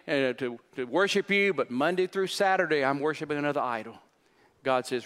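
A male pastor delivering an earnest, urgent sermon and then leading a hushed closing prayer. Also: a little high, brisk, long reverb tail. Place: church sanctuary.

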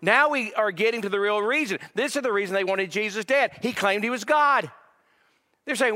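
A man's voice: high voice, expressive, fairly quick, pushed and bright. A male pastor preaching a sermon in a church, dramatic and emphatic, repeating words as his intensity builds. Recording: long reverb of a large hall.

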